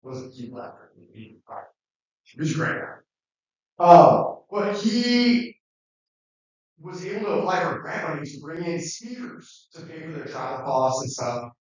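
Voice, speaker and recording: A man's voice: fairly high pitch, expressive, unhurried. A man giving a classroom lecture in a rambling, conversational way, with many fillers and restarts. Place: lecture room. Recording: muffled, very echoey, distant.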